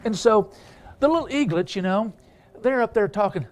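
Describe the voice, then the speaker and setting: A man's voice: high-pitched, lively intonation, moderate pace, darkish tone. A man preaching a storytelling sermon, rambling with many filler sounds and restarts.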